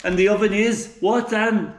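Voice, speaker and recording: A high-pitched, steady-toned man speaks at normal speed while vlogging casually from his home kitchen. He's a middle-aged Englishman with an English accent who uses many fillers and restarts, and the roomy recording has a little hiss or hum.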